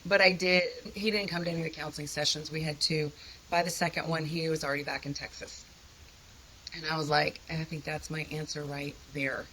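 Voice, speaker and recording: Woman with a bright, forceful voice. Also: deep voice, fairly even intonation, a little fast, a little hiss or hum, poor audio. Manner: earnest, conversational, self-deprecating. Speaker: guest sharing a personal testimony. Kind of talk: candid personal storytelling.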